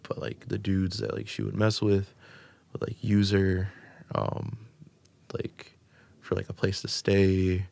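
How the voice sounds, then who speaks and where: American man, deep voice, gravelly, rambling podcast guest. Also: monotone, slow pace, a little mellow, dry recording. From United States. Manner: rambling, filler-heavy with constant "like" and "um". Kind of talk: casual storytelling.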